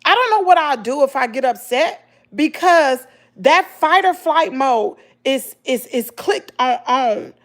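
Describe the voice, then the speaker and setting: A woman's voice: sits high, measured pace. A middle-aged woman with a Southern accent, talking casually and emotionally to her viewers about hard times. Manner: emotional, animated storytelling, addresses viewers as y'all. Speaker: vlogger.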